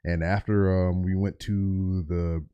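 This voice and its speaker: A man with a deep, low voice adds his part to a casual chat. He recalls things in a loose, rambling way and fills the gaps with hesitations. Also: slow, clean tone, highs cut off. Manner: relaxed, rambling recollection.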